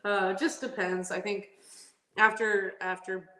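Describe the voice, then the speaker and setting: A woman's voice: medium pitch, takes it slowly, reverberant, poor audio. A woman drag racing driver telling stories in a casual interview, laughing often and acting out what people said. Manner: animated, laughs often, acts out quotes.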